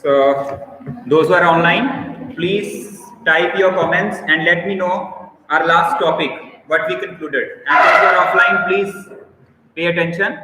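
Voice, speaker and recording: A male teacher with an Indian English accent lectures on biology in a high, bright voice. He repeats his key points and calls on students by name. The sound is very echoey, with a long reverb tail and a faint room hum behind him. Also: measured pace. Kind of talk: live online class lecture.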